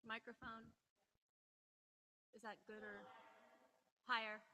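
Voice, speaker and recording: A woman's voice: on the high side, little pitch movement, slow pace, bright, forceful tone, poor audio. A woman doing a casual sound check, repeating test phrases and asking whether she can be heard.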